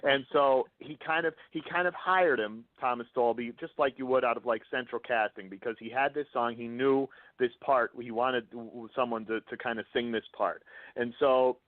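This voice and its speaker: A man, an author guest on a radio show, telling a story in an animated way with hesitant fillers. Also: mid-range voice, normal speed, no echo. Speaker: author and music journalist, guest. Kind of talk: interview storytelling. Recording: tinny phone line, dry.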